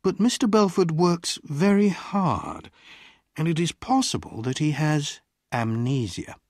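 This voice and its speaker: A reader slowly and clearly narrating a graded-reader story. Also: medium pitch, very animated, a little mellow, no room sound, studio quality. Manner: slow, clearly paced storytelling. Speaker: audiobook reader.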